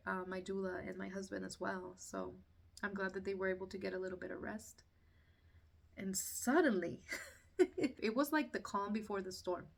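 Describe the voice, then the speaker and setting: A woman's voice: mid-range voice, vocal fry, far from the mic. A woman casually telling her own story, acting out what people said and laughing through the tense parts.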